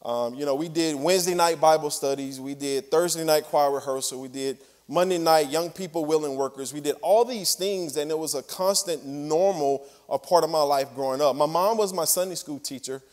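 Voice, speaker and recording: A man from Mississippi with a Southern twang, a guest speaker giving a chatty, relaxed sermon. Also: fairly high pitch, moderate pace, hardly any pauses. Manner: relaxed, chatty with laughs and fillers. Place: large church hall. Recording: hall reverb from a church stage.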